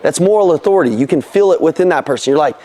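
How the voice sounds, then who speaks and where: A young man giving a motivational sales training talk, energetic and casual, swearing freely and throwing questions at the room. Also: on the high side, very fast.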